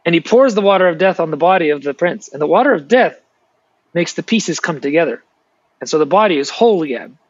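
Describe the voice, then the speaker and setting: A man guest on a video-call interview, retelling folk tales in an animated way with frequent restarts. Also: on the high side, fast talker, no echo, lo-fi sound. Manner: animated storyteller, restarts often. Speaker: author and guest. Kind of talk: storytelling interview answers.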